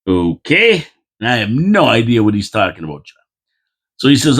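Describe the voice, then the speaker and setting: A man's voice: medium pitch, very animated, normal speed, a bit bright, breathy edge. A man hosting a casual local politics show, rambling and chatty, repeating phrases and reading out viewer comments with mock-indignant asides.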